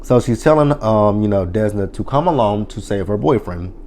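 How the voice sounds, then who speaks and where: A man with a fairly low voice and a mellow, relaxed tone talks through a TV episode. His recap is loose and chatty, full of swearing and fillers. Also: moderate pace, slight background noise. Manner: profane, chatty retelling with many fillers. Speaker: TV episode reviewer. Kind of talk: casual recap chat.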